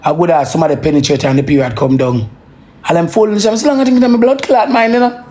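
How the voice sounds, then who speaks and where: A parent with a Jamaican accent in an emotional, profane ranting monologue that swings between slow brooding and heated outbursts. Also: medium pitch, mellow. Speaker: social media livestreamer.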